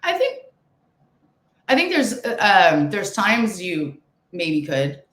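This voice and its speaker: A middle-aged woman co-hosting a podcast in casual chat, calm and measured with halting restarts. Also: medium pitch. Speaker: podcast co-host. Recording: echoey room.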